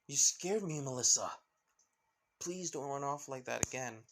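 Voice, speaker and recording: A man's voice: medium pitch, animated, unhurried, noisy background. A man voicing a kind, self-deprecating middle-aged father in a fan story, close to his own voice. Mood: relieved.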